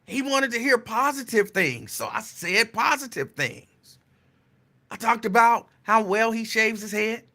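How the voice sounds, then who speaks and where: A man's voice: very high voice, animated, a little slow, pushed and bright. A man hosting a casual talk stream, chatting loosely, reacting to viewer comments and repeating phrases for emphasis. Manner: chatty, digressive, answers chat comments. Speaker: talk show host.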